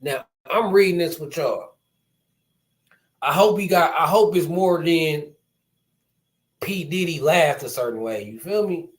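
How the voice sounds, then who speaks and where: A man hosting a live reaction video, reading news aloud in casual slang. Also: medium pitch. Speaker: reaction channel host.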